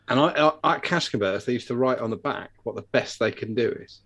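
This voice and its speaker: A man's voice: medium pitch, fast, a bit bright. A British man chatting casually, joking and swearing freely through his stories. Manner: swearing, jokey banter. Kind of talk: casual chat.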